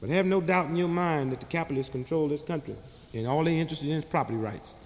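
A man's voice: a little high, quick pace, big-room sound, lo-fi sound. A man delivering a political stand-up monologue in a fiery, preaching, sarcastic manner to a live audience. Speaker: comedian and speaker.

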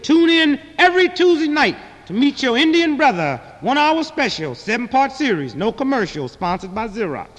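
A man's voice: very high voice, very animated, normal speed, few pauses, a bit bright, pitched above the performer's own voice, exaggerated voice. A man imitating a TV announcer reading a promotional plug, in mock promotional patter, with the sound ringing in a hall. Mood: mock promo. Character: smooth male TV announcer. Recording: long hall reverb.

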